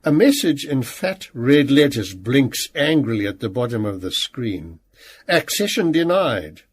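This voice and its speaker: A man narrating a novel in the first person, animated and playful. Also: medium pitch, unhurried, breathy edge. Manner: animated, acts out quoted speech. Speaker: audiobook narrator.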